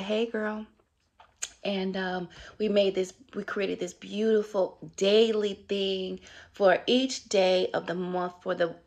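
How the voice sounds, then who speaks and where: A woman's voice: medium pitch, darkish tone. A middle-aged woman vlogging about her juicing journey in a casual, upbeat, chatty way, with many fillers. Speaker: wellness vlogger. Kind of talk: casual motivational vlog.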